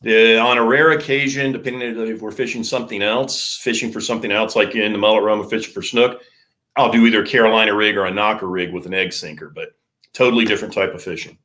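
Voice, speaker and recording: A middle-aged man, a surf fishing charter captain, explaining gear in a relaxed, practical way with plenty of fillers. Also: on the low side, fast talker. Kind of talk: casual podcast interview.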